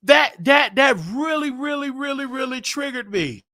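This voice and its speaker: His voice is extremely high and sharp, moving at a normal speed. As host of his show, he gives a confessional, personal livestream talk about his life, going over the same points again as he thinks it through.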